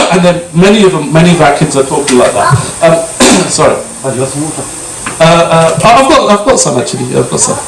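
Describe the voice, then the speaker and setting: A man with a British accent giving an informal sermon in a gurdwara, talking conversationally with restarts and frequent throat clearing. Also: fairly high pitch, sing-song, normal speed, over music. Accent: British English. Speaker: speaker giving a talk at a gurdwara. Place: large prayer hall. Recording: echoey hall, distant mic, faint hiss.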